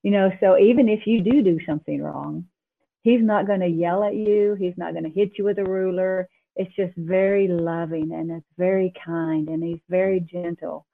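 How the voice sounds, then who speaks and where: A woman guest sharing a personal faith testimony, telling it in a quick, emphatic, animated way with some laughs. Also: on the low side, vocal fry. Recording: tinny phone line.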